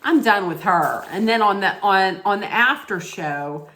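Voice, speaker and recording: A woman's voice: medium pitch, expressive, unhurried, sharp tone. A woman ranting in a casual recap vlog, blunt, scolding and full of profanity. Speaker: reality TV recap vlogger. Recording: echoey room.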